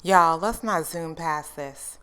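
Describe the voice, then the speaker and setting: A woman's voice: low-pitched, takes it slowly. A woman telling a personal story on her vlog, emphatic and talking straight to viewers. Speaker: vlogger. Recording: roomy, distant mic with steady background noise.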